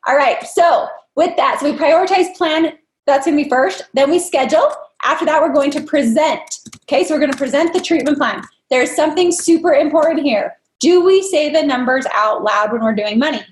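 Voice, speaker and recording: Upbeat high-voiced woman leading a workshop. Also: a little fast, reverberant. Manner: upbeat, coaxing, quizzes the audience. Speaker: dental practice trainer leading a live workshop. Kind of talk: interactive online training.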